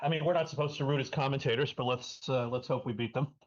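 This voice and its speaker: A man giving live game commentary, analytical and halting, full of fillers. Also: medium pitch, steady tone. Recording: dull lo-fi stream audio.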